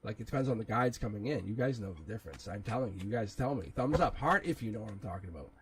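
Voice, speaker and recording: A man's voice: on the low side, lively intonation, fast talker, a little hiss or hum, poor audio. A man hosting a live tarot reading, talking in a rambling, casual way, chuckling often and swearing now and then. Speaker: tarot reader, livestream host.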